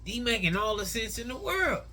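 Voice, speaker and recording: A man's voice: very high-pitched, very animated, moderate pace, pushed and bright. A man giving casual, opinionated reaction commentary, talking in a conversational way full of slang.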